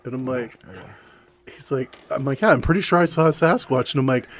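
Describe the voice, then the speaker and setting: A man telling rowdy work and party stories in casual chat, swearing a lot and acting out his own shouts with laughter. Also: mid-range voice, brisk, slight background noise. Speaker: podcast guest. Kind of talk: casual storytelling.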